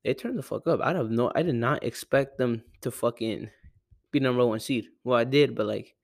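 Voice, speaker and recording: A man's voice: mid-range voice, normal speed, creaky, dry recording, clean studio sound. A young man from Arizona rambling through a casual, profane sports rant at home, often correcting himself. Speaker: sports podcaster. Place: home room with a cat. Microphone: close desk mic.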